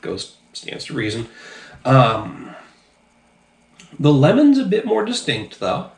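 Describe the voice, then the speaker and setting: A man's voice: medium pitch, wildly swooping pitch, slow, creaky, echoey room. A man casually reviewing drinks on his channel, a little tipsy, talking loosely and profanely with lots of ums. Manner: loose, profane, rambling with many fillers.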